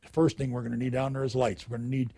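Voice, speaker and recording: An older man, a veteran, recounting his memories in a halting way, with many restarts. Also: medium pitch, flat delivery, vocal fry, mellow, husky. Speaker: veteran interviewee.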